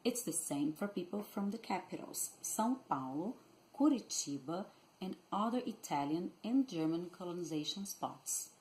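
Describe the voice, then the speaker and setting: A woman's voice: lowish voice, expressive, moderate pace, darkish tone, a little hiss or hum, poor audio. A woman from Rio de Janeiro state with a Brazilian Portuguese accent, teaching a Portuguese lesson and carefully demonstrating pronunciations. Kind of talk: language lesson.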